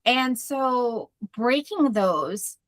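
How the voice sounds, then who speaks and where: A woman therapist co-hosting a podcast, talking in a loud, energetic way as she tells personal stories in casual chat. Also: a little high, drawn-out words, no room sound.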